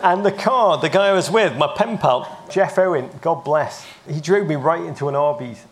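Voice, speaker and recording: An English man in his fifties, a broadcaster telling lively, self-mocking stories as a guest in a live interview. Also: fairly high pitch, normal speed, noisy background. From England. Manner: animated, self-mocking anecdotes with frequent restarts. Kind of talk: live on-stage interview storytelling.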